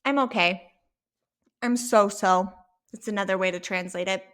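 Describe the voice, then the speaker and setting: A woman teaching an online language lesson from home, sounding out each word slowly and checking in with "okay?". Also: mid-range voice, fairly bright tone. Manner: slow, drawn-out demonstration of words with frequent "okay?" checks. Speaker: Spanish teacher.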